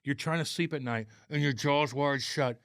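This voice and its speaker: Brief: male sports podcast co-host, animated and swearing, dry close mic. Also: on the high side, moderate pace, clear, resonant tone, dry recording. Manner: profane, animated storyteller. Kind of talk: casual sports chat.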